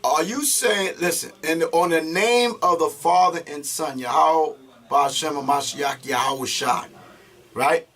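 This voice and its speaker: A man hosts a religious talk show in a preacher-like manner. His voice sits a little high for a man, and he cuts in with questions and religious phrases. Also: measured pace, fairly bright tone. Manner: preacher-like, interjects, uses religious terms. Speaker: host.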